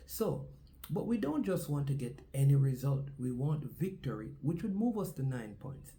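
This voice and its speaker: Mellow-voiced Jamaican man hosting sports talk. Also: medium pitch, big pitch swings, moderate pace. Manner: preacher-like cadence, repeats phrases for emphasis. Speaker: sports show host. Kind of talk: casual sports commentary with a sermon-like opening.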